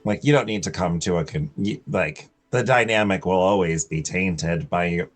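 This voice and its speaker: A man's voice: deep voice, moderate pace. A man playing a tabletop role-playing game, talking in character in a rambling, earnest way and often correcting himself. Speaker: player.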